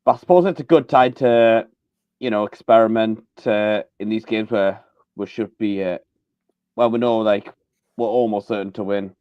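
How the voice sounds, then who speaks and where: A man's voice: fairly low pitch, moderate pace, clean tone, dry recording. Male co-host on a live football chat, hesitant, filler-heavy, dull call audio. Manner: hesitant, many ums and uhs.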